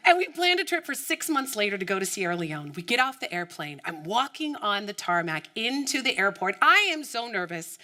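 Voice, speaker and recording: An American woman delivers an inspirational keynote from the stage. She tells a personal story with a lot of energy and slips into the voices of the people she quotes. Her tone is bright and forward, sitting at a middle pitch. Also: sing-song, fairly quick, few pauses. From United States. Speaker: keynote speaker.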